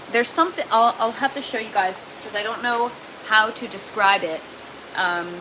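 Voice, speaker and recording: A woman's voice: a little high, noisy background. A young woman hosting a casual livestream from an indoor grow tent, venting that she is annoyed while greeting viewers. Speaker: livestream host.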